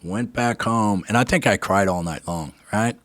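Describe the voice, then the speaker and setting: A man's voice: lowish voice, moderate pace, no echo, studio quality. An older man, a guest on a talk show, tells a personal story with feeling, acting out what people said and often checking in with "right?". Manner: animated narrator, acts out quoted dialogue, keeps asking "right?".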